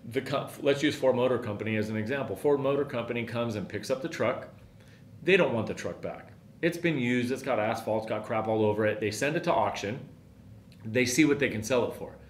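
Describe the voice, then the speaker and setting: A middle-aged man hosting a podcast, telling a long story in an earnest, emphatic way and often repeating himself. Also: medium pitch. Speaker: podcast host, company owner. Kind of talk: storytelling monologue. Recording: roomy with faint background hiss.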